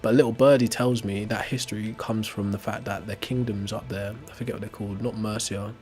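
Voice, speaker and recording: A man's voice: on the low side, steady tone, a little fast, a little mellow. An English man with a working-class accent, chatting casually while gaming and often asking "right?". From England. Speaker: streamer.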